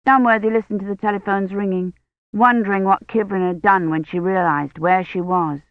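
Steady, dry audiobook narrator. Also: mid-range voice, no room sound. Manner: steady, measured reading. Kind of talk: scripted narration. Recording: slightly muffled dry studio read.

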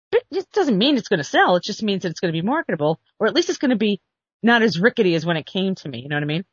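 A woman's voice: lowish voice, no echo. A woman script consultant telling a story bluntly and outspokenly to an audience in a casual monologue. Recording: dull, muffled recording.

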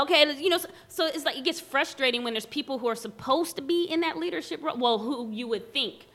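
Animated woman telling lively stories. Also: high-pitched, brisk, few pauses. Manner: animated storyteller who acts out quoted voices. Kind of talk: casual chat.

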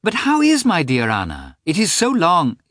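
A man reading aloud, voicing a warm young mother who coaxes and pleads insistently. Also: a little high, huge pitch swings, normal speed, no echo, clean studio sound, voice pushed up, full character voice. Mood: coaxing. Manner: coaxing, insistent.

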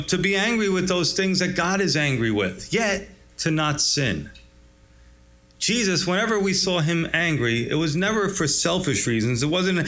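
A man's voice: on the high side, sharp tone. A male pastor giving a conversational sermon on a scripture passage, acting out the quotes and chuckling now and then. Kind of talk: expository sermon.

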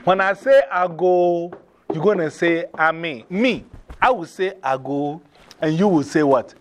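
A man leading a drumming workshop from abroad, coaxing a group through call-and-response with energetic, repeated cues. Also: on the high side, unhurried. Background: hand drums playing.

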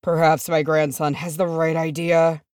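Woman voicing a tired old dwarf king, slow, low, quiet, storybook. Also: level tone, no echo, clean studio sound, recorded from a distance. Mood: weary. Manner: weary, slow.

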